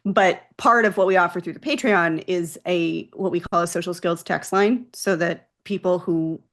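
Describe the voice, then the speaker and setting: A woman's voice: lowish voice, fairly even intonation, normal speed. A woman guest on a podcast, a mental health practice founder, explaining things earnestly in a casual interview.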